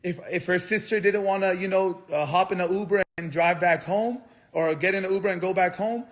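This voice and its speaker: A young man rants to his viewers on a live stream, his voice sitting a little high for a man. He rambles through the story in heated bursts, swearing and restarting his sentences as he goes. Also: brisk. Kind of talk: angry livestream rant. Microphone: phone.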